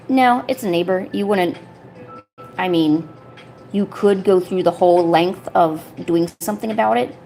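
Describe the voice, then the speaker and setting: A woman's voice: fairly low pitch, a little mellow, slight background noise. A woman art streamer chatting casually while she works on a paper craft, rambling along and filling her talk with "you know" and "like".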